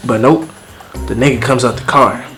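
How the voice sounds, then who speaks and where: A man's voice: medium pitch, fairly even intonation, moderate pace, fairly bright tone. A young man casually telling a personal story at home for a vlog, slangy and profane. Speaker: vlogger. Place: at home indoors. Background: music playing.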